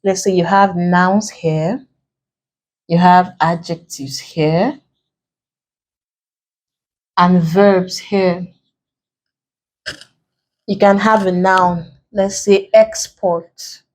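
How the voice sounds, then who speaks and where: Slow-speaking Nigerian woman teaching. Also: fairly low pitch, steady tone, a little mellow, low-quality recording. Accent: Nigerian English. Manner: slow, deliberate, repeats key points. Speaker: tutor. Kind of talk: exam-prep lesson at a board.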